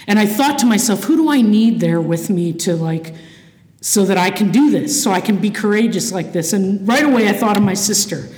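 Candid, profane speaker in an echoey hall. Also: female voice, medium pitch, moderate pace, a little mellow. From Ohio, Cleveland area. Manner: candid and profane, with frequent fillers and restarts. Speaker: speaker at a recovery meeting. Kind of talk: personal testimony from a podium. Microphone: podium microphone.

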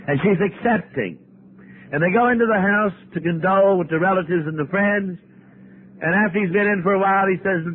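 An older man, an abbot, telling stories to an audience at a recovery meeting with lively, dramatic delivery. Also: high voice, moderate pace. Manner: animated, dramatic storytelling with wide swings. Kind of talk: storytelling talk to an audience. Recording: tinny lo-fi archive tape with faint hiss.

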